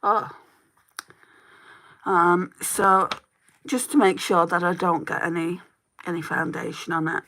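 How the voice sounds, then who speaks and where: A woman in her forties with a Lancashire accent, chatting through a live makeup tutorial and answering viewer comments, her throat a little hoarse. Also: lowish voice, steady tone, slow pace, pauses often, sharp tone. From Northwest England. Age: 40s. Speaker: makeup livestreamer.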